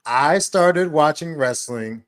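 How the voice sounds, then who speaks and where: A man's voice: a little high, takes it slowly. Chill upbeat guy cohosting a wrestling pod, stretches words out when he's hyped. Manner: upbeat, relaxed, drawls words when emphasizing. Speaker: podcast co-host. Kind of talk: casual chat.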